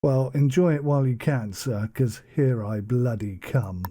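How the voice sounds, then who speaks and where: A man's voice: mid-range voice, measured pace, music in the background. A British man hosting a casual gameplay session, teasing his opponent with playful trash talk. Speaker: host.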